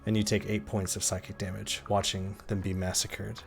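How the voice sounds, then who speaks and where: A man narrating a tabletop fantasy game as game master, in slow dramatic storytelling. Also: lowish voice, level tone, creaky, soft background music.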